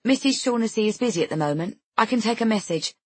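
Guarded phone-answering woman read by a woman, raised pitch, evasive, slightly husky. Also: animated, fast, no echo. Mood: suspicious. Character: nervous woman on the phone, stalling a caller.

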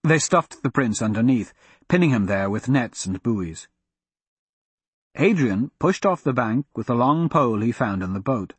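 A man narrating a fantasy audiobook in a steady, measured storytelling manner. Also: medium pitch, husky, dry recording.

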